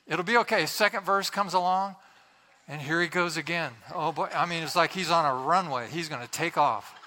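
A middle-aged man preaching, telling a funny church story in an animated way, laughing as he goes. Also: on the high side, moderate pace. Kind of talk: sermon with a humorous story.

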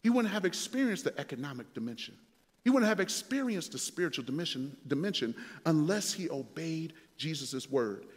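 A male pastor preaching a sermon, moving from relaxed storytelling to emphatic, building exhortation. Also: a little high, a little fast, long reverb tail.

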